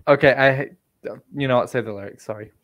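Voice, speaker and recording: A man with a Northern English accent, co-hosting a casual podcast chat and ranting with animated, sweary mock outrage. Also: mid-range voice, brisk. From England. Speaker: podcast co-host.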